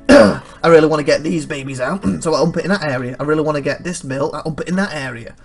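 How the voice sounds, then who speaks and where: A man commenting on his own strategy game, thinking aloud and rambling fast with a dry throat he keeps clearing. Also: a little high, soft background music. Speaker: let's play host. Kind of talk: gameplay commentary.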